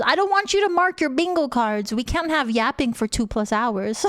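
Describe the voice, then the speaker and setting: A woman's voice: high voice, lively intonation, moderate pace, no echo, studio quality. A woman streaming live and chatting casually with her viewers, giggly and teasing, laughing often between phrases. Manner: playful and teasing. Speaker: VTuber streamer. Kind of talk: casual livestream chat with viewers.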